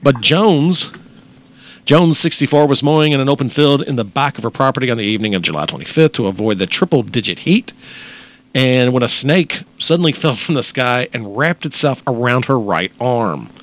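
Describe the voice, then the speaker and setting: A man's voice: mid-range voice, moderate pace. A man co-hosting a casual podcast, reading a news story aloud and joking about it. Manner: animated, reads news aloud with jokes. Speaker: podcast co-host.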